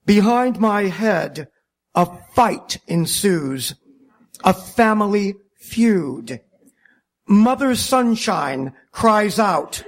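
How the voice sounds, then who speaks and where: A man narrating a wry first-person story about driving a taxi, deliberate and self-mocking. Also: high-pitched, expressive, creaky.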